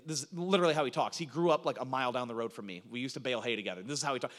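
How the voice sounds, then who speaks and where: A middle-aged man preaching a sermon as a pastor, telling stories in an animated way with frequent restarts. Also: medium pitch, very fast, few pauses. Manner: animated storytelling with repeated restarts. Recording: long reverb of a large hall.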